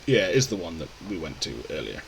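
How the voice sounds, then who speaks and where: A man's voice: low voice, big pitch swings, fast, gravelly, a little hiss or hum. A man giving casual, wry commentary while playing a video game. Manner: chatty, wry, talks back to the game. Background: game music and dialogue.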